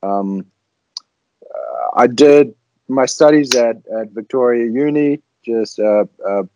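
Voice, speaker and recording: A man's voice: mid-range voice, sing-song, slow pace, vocal fry, mellow, dry recording, muffled recording. A man with a South African accent, a podcast guest chatting in a laid-back, self-deprecating way over a video call. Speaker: podcast guest, fishing guide.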